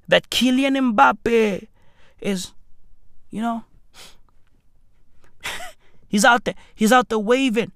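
A man in a rambling, profane rant who keeps asking "right?" and swings between loud outbursts and low mutters. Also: slow pace, gravelly, long pauses, dry recording, studio quality.

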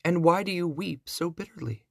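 A man voicing a kindly little old fairy godmother in a storybook reading, gentle but commanding. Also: normal speed, vocal fry, dry recording, studio quality. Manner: gentle, commanding, higher and brighter than his narration.

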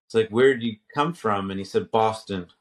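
A man's voice: on the low side, brisk. A man in his fifties who teaches at a seminary, telling a story in casual conversation, restarting sentences and quoting himself and others.

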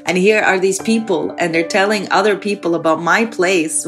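Low-voiced woman telling her story. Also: moderate pace, fairly bright tone, faint music behind. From Soviet Union. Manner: candid, frequent "like" fillers. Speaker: filmmaker guest. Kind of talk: personal storytelling.

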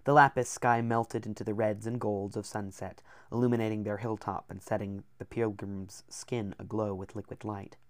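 A man narrating an audiobook in a steady, descriptive reading. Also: lowish voice, moderate pace, few pauses, no echo.

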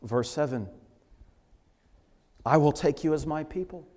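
A man's voice: a little high, measured pace, darkish tone. Man preaching in a reverberant church. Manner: emphatic, swelling on quoted scripture. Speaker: pastor. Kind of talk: sermon. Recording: long hall reverb.

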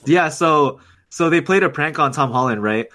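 A man's voice: fairly high pitch, lively intonation, normal speed, bright, forceful tone. A young man co-hosting a podcast, rambling through casual chat and laughing often. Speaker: podcast co-host.

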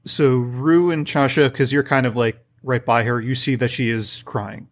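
Game master, male: casual, halting scene narration. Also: medium pitch, steady tone. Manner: hesitant, descriptive, many fillers.

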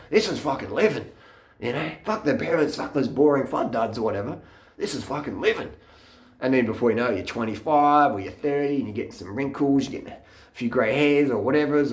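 A man's voice: mid-range voice, reverberant. A man ranting casually to his camera, blunt and profane, laughing at his own stories. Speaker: vlogger. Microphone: camera mic.

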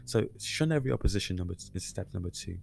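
A man's voice: deep voice, animated, racing, vocal fry, darkish tone. A man hosting a Christian podcast, teaching casually and conversationally with frequent fillers and restarts. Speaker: podcast host.

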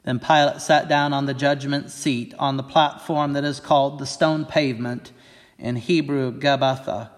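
A man, a pastor, reading scripture aloud and preaching at a church service in a clear, earnest voice. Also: mid-range voice, steady tone, normal speed, big-room sound.

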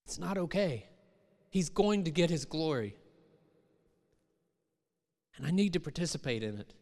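A middle-aged pastor with a fairly high, gravelly, darkish voice preaches at a measured pace with big pitch swings. He talks conversationally to the congregation before rising into emphatic quotes, all under a large hall's long reverb.

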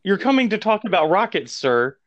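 A man's voice: high voice, very animated, a little fast, dry recording, lo-fi sound. A man in casual podcast chat, rambling with lots of fillers and laughing. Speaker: podcast co-host.

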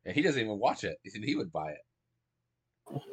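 A man joining a casual chat with brief, quiet remarks. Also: lowish voice, big pitch swings, normal speed, husky, no echo.

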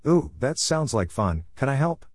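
Eager little girl in a storybook, excitable, voiced by a man. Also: mid-range voice, normal speed, husky, no echo, studio quality, pitched above the performer's own voice.

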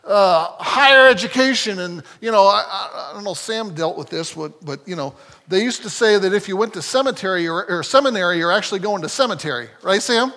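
A man preaching a sermon as a pastor, talking in a lively, conversational way with frequent restarts. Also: sits high, a little fast. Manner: animated, conversational, self-correcting. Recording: long hall reverb.

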